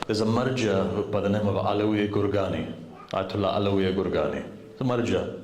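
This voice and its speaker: A man's voice: fairly low pitch, a little fast, a crowd in the background. A man preaching at a gathering, telling a story in an earnest way and speaking straight to the audience. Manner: earnest, addresses the audience directly. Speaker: preacher at a majlis. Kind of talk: sermon storytelling. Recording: roomy hall recording with faint noise.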